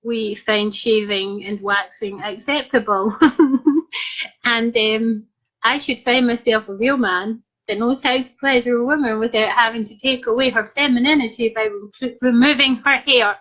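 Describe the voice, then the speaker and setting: A woman's voice: fairly high pitch, steady tone, normal speed, sharp tone. A young Scottish woman vlogger casually telling a cheeky story to her viewers, giggling through it. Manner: giggly, cheeky, frequently breaking into laughter. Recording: dull lo-fi sound.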